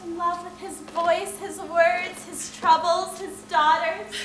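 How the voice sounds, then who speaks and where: A young actress in her twenties playing a passionate middle sister who confides in a fervent, rushing way, in a live stage play. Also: very high voice, flat delivery, fairly bright tone, faint music behind, exaggerated voice. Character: middle sister, passionate, confessing forbidden love. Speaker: stage actor. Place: theatre stage. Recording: echoey stage sound from far off.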